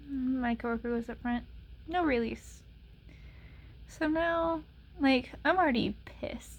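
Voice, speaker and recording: A young adult woman vlogging, telling a frustrating story in a sarcastic, exasperated way with many "like" fillers and sometimes dropping to a soft whisper. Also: sits high, slow, long pauses. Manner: drops to soft whispers at times. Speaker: ASMR channel vlogger. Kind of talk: casual storytelling rant.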